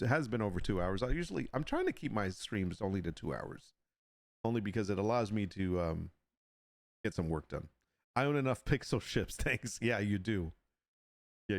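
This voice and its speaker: A man hosting a casual live stream, joking and laughing often and slipping into playful mock sales pitches. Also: expressive, moderate pace, no echo. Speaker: livestream host and digital artist.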